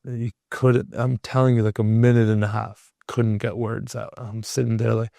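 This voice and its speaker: A man's voice: medium pitch, little pitch movement, moderate pace, vocal fry, mellow, no room sound. A young man, a podcast guest, telling a personal story in a casual, rambling way with lots of "like". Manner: rambling, heavy use of filler "like".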